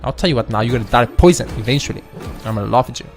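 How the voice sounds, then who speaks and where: Over soft background music, this man speaks very fast in a medium-pitched voice as he hosts gaming commentary for a let's play. He gets excited, cheers, curses and talks straight to the enemies on screen while casually reacting to his game.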